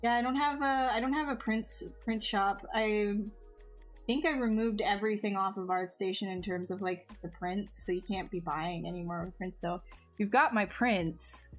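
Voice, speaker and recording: A woman's voice: medium pitch, normal speed, soft background music. A woman chatting casually on a live stream while she sculpts, answering viewers in a self-mocking way that often trails off and restarts.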